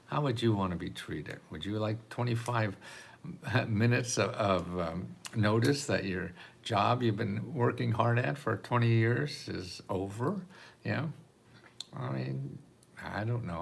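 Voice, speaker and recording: An older man talking casually to the camera in a rambling way, repeating words and laughing softly now and then. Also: fairly low pitch, vocal fry, a little hiss or hum. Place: apartment in a city.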